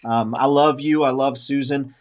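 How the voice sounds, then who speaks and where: A man in his forties hosts a casual podcast, speaking at normal speed in a steady, mid-range voice. He shares his feelings earnestly and openly, looping back with repeated phrases.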